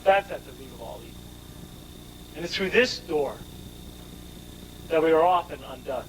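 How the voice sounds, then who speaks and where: A man's voice: fairly high pitch, expressive, moderate pace, noisy background. A man giving a scripture lecture, explaining in an emphatic way and asking rhetorical questions of his listeners.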